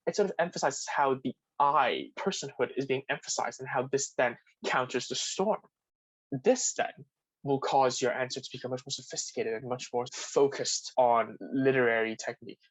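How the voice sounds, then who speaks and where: Husky-voiced man explaining poetry analysis. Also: on the high side, dry recording, poor audio. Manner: thinks aloud with frequent "sort of" and restarts. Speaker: tutor. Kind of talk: explanatory exam walkthrough.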